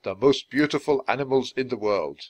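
A man's voice: mid-range voice, a little fast, lightly acted. A man reading a storybook aloud, voicing a stern, formal palace guard who makes announcements. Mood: announcing.

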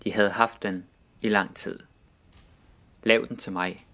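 A man reading example sentences slowly and deliberately, saying each one twice. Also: fairly low pitch, fairly even intonation, pushed and bright.

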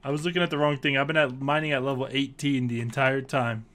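A young man in casual gaming chat, playful and teasing, quick to laugh. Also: medium pitch, flat delivery, a bit bright. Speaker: gamer.

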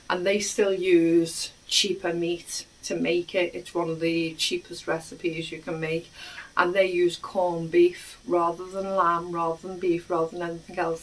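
Slow, flat-toned woman showing a recipe. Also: fairly low pitch. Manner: unhurried, explanatory, with frequent ums. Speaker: cooking channel host. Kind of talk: casual cooking demonstration. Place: home kitchen. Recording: voice distant from the mic.

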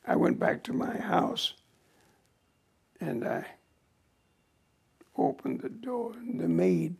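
Slow gravelly older man. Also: extremely high pitch, animated, darkish tone. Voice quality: gravelly, husky. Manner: slow, halting, breathy at times. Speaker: interview guest, actor. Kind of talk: reflective storytelling.

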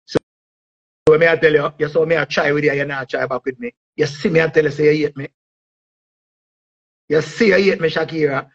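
High gravelly Jamaican man, lo-fi. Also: brisk, long pauses. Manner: animated, mixes patois with English, bursts into singing. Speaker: vlogger. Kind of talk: casual hype monologue.

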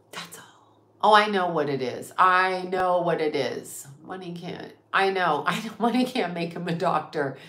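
Woman host, mid-pitched, profane and emphatic rant, echoey room. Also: sharp tone. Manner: profane, emphatic, rhetorical questions. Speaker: psychic medium and channel host. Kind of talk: casual livestream rant. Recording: roomy echo.

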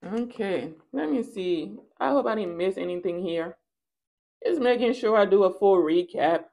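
A woman's voice: mid-range voice, expressive, moderate pace, gravelly, dark tone. A woman doing a casual tarot reading for her viewers, talking in a playful, sassy and theatrical way, with singsong rhymes and acted-out bits. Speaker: tarot reader.

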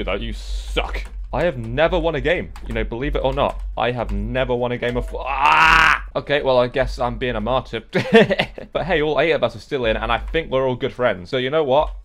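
A young man commentating a game he is playing, excitable, yelping and swearing at other players, then muttering to himself. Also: medium pitch. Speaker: gaming YouTuber. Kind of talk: let's play commentary.

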